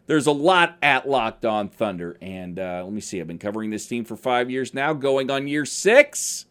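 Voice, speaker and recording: A man's voice: mid-range voice, animated, normal speed, a bit bright, clear, resonant tone. Chatty male sports podcast host. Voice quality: can sound serious, almost angry. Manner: chatty, rambling, self-deprecating. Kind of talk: casual sports podcast talk. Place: radio station studio.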